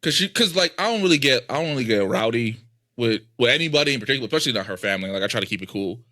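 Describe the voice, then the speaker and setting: A man's voice: medium pitch, very fast, dry recording, clean studio sound. A young adult man hosting a podcast, telling stories in casual, profane chat. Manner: profane, animated storytelling. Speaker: podcast host.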